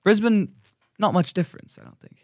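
A man's voice: high-pitched, a little fast, darkish tone, no room sound, clean studio sound. A man asking questions in a casual podcast chat, hesitant and thinking aloud as he talks.

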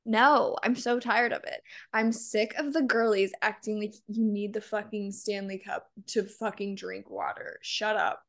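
A woman's voice: mid-range voice, fairly even intonation, unhurried, creaky. A young woman co-hosting a podcast in casual chat, blunt and sarcastic, swearing freely as she rants. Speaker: podcast co-host.

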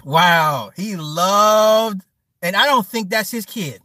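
A man giving a crude, joking rant to his stream viewers, laughing often, with his pitch swinging up and down. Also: animated, slow, bright, forceful tone, no room sound, clean studio sound.

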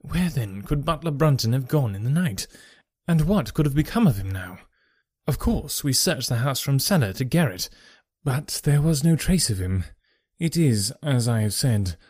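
A man narrating a story aloud in a measured, formal storytelling manner. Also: mid-range voice, darkish tone, no room sound, clean studio sound. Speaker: audiobook narrator. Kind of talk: scripted narration.

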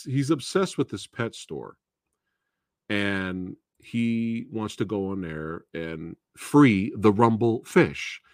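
A man's voice: on the low side, darkish tone, no echo, clean studio sound. A man hosting a casual live movie show, recapping and reviewing a film in a rambling, chatty way. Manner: rambling and chatty, with fillers and laughs. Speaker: host of a movie talk show.

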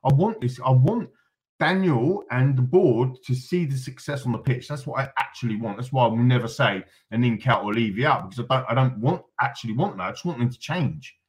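A man's voice: medium pitch, brisk, low-quality recording. A man ranting with passion on a fan podcast, reeling off lists and calling himself on a rant. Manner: ranting, emphatic, apologetic asides. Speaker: fan pundit guest.

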